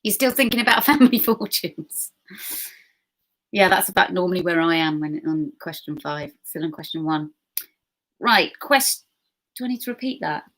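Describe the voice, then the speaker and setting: A woman hosting an online pub quiz, reading questions slowly and chatting and giggling with viewers in between. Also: lowish voice, animated, a bit bright. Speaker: quiz host.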